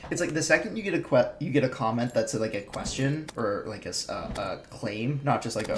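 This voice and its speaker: Gaming and chatting casually, the same streamer rambles in his slight Minnesota accent, full of fillers and restarts. Here he sounds mid-range, animated, and fairly quick, barely pausing, while crowd noise and clear background noise fill an echoey room.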